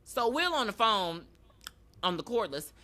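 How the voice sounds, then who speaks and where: A woman's voice: mid-range voice, sing-song, measured pace, sharp tone. A woman co-hosting a podcast, recapping a TV episode in loose casual chat and acting out the characters' lines. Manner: loose storytelling, acting out characters with slang and laughs. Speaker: podcast co-host.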